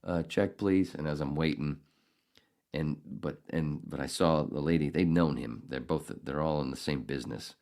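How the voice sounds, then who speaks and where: A man's voice: very deep voice, steady tone, normal speed, creaky, darkish tone. An older man hosting a podcast, telling a rambling, profane story in a casual, ranting way. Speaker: podcast host.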